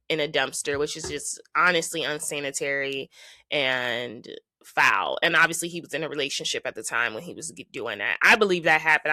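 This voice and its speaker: Chatty low-voiced woman recapping reality TV. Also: sharp tone, dry recording. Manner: chatty gossip, frequent "like" and quoted asides. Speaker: podcast host.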